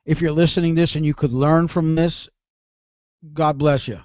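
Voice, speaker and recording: Male call-in radio host, high-pitched, rambles and runs himself down; dead, muffled audio. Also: fairly even intonation, normal speed, a little mellow, dry recording. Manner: rambling, self-deprecating, repeats himself. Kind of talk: confessional call-in radio monologue.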